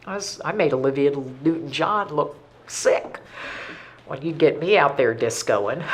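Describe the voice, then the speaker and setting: A woman, animated and self-deprecating as she talks candidly about her past. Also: deep voice, measured pace, slight background noise. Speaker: interviewee in recovery. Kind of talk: candid conversational storytelling.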